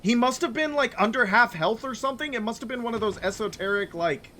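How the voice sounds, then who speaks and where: Young male gamer, high and bright, slow exasperated rant while playing. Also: lively intonation. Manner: exasperated, repetitive ranting. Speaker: video game player. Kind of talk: let's play commentary.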